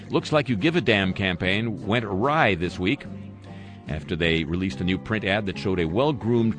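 A man with a deep, low voice reads through news items as a radio host and drops dry, sarcastic jabs between them. He delivers the commentary in a satirical, deadpan way. Music plays clearly underneath his voice. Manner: sardonic, dry asides.

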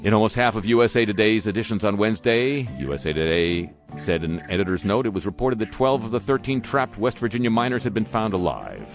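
A man's voice: on the low side, animated, fast talker, few pauses, soft background music. A man from New hosting talk radio, reading the news with dry, sarcastic asides. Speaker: radio host.

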